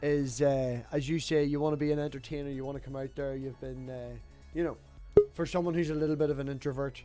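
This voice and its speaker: A man's voice: mid-range voice, steady tone, quick pace, mellow, soft background music. A man hosting a casual online chat show, blunt and chatty with casual swearing. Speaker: podcast host.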